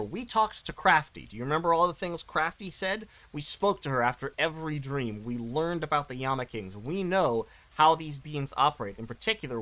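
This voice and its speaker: A man's voice: medium pitch, sharp tone, poor audio. A man hosting a game playthrough, reading the story text aloud and chatting playfully between scenes. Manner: chatty, self-correcting, playful. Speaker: gaming channel host.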